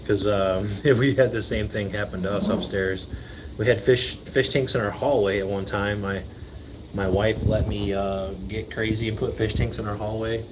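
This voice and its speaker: A man's voice: fairly low pitch, steady tone, normal speed, background noise. A middle-aged man hosting a casual livestream, chatting in a laid-back way and talking to his fish. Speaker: livestream host. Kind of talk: casual live-stream chat. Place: fish room with aquarium tanks.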